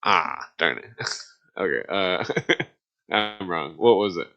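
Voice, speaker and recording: A low-voiced man hosts a loose podcast conversation. He rambles, teases and laughs often. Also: slow pace, gravelly, no room sound, dull audio. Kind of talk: casual group chat.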